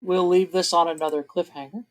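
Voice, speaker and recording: A man narrating as game master of a tabletop game, relaxed and laughing, with frequent fillers. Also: high voice, fairly quick, over a noisy crowd.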